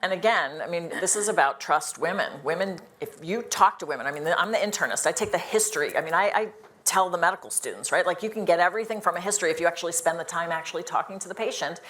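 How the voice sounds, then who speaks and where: Woman, middle-aged, internist on a live panel, low-pitched voice, earnest and quick, full of restarts and repeated words. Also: fairly bright tone. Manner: earnest, fast-talking, with many restarts and "again".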